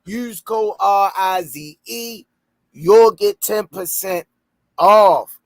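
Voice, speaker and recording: A man with a Baltimore accent hosting a casual podcast and reading sponsor shout-outs, loud and playful, breaking into high shouts when he jokes. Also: drawn-out words, no room sound. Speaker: podcast host.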